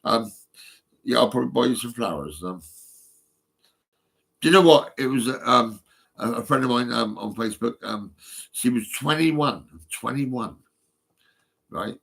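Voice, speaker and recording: A man's voice: medium pitch, lively intonation, unhurried, gravelly, pauses often, fairly bright tone, slightly rough. A man, talking live on a stream in a rambling way, swearing often, with many fillers and restarts. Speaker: livestreaming vlogger.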